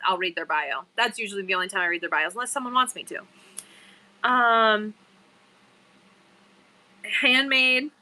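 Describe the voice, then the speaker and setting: Bright chatty woman livestream host. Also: medium pitch, fairly even intonation. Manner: chatty, reads viewer bios aloud, quick asides. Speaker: live-stream seller host. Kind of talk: casual livestream chat.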